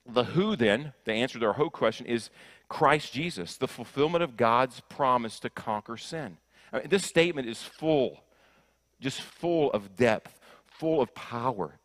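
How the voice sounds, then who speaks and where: A man preaching a sermon, emphatic, often repeating his first words, swinging from loud stresses to soft, intense lines. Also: medium pitch, expressive, unhurried. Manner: emphatic, repeats words when starting sentences. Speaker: guest preacher. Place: church sanctuary.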